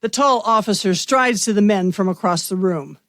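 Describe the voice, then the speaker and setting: A woman hosting a podcast, giving measured scripted narration for a radio-theater mystery. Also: medium pitch, fairly bright tone, dry recording, clean studio sound.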